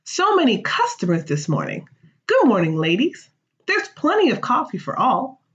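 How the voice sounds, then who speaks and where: A woman's voice: fairly high pitch, huge pitch swings, moderate pace, a bit bright, husky, heavily acted. A woman reading the lines of a defensive, greedy colonial merchant in a school play, in a slightly muffled recording.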